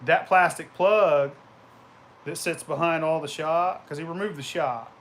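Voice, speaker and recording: A man's voice: a little high, a little slow, a little hiss or hum. A man vlogging casually, telling rambling, profane anecdotes and laughing as he goes. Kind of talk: casual storytelling.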